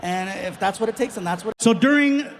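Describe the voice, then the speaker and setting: High-voiced animated male comedian. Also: fairly quick. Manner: animated, jumps into mock voices and shouts. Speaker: stand-up comedian. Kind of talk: stand-up comedy storytelling. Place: comedy stage before a live audience.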